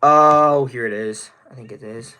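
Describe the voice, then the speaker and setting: A man's voice: medium pitch, a little slow, muffled recording, noisy background. A nineteen-year-old man from Indiana, livestreaming casually, rambling and greeting viewers in chat by name. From Indiana, USA. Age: teens.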